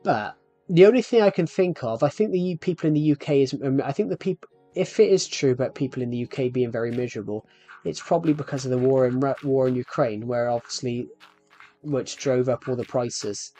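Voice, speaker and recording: A man streams live while gaming, rambling casually and speaking straight to his viewers. His voice is medium-pitched, warm, and a little fast, with faint music in the background.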